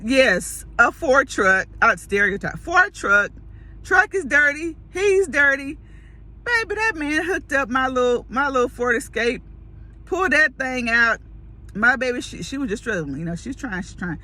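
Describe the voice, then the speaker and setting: Woman vlogger, lively storyteller with a bright, forceful voice, does all the voices herself. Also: sits high. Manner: animated, acts out quoted voices, laughs often. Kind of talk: casual storytelling to camera.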